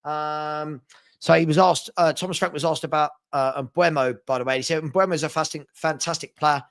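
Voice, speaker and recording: A man's voice: a little high, steady tone, normal speed, fairly bright tone. A man hosting a casual live fan chat, thanking viewers by name and answering the chat. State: hiccups. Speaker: fan channel host.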